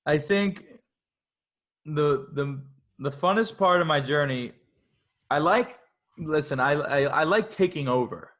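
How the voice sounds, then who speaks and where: A man's voice: fairly high pitch, a little slow, pauses often. A young man in his twenties chatting as an interview guest. He rambles with lots of "like," jumping between thoughts with restless energy. Now and then he slips into a scolding inner voice. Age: 20s. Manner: energetic, rambling, heavy use of "like"; self-talk in a scolding inner voice. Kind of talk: casual podcast conversation.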